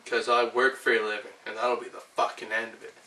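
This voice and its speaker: A man's voice: fairly low pitch, little pitch movement, fast talker, bright, forceful tone. A man reciting a monologue as a foul-mouthed, boastful male chicken catcher, ranting profanely, recorded roomy and from a distance with faint ambient noise.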